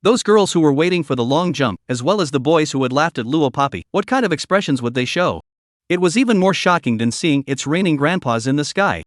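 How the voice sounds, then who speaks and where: A man narrating a story recap in a steady reading voice with stiff, literal phrasing. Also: on the high side, a little fast, no room sound, clean studio sound.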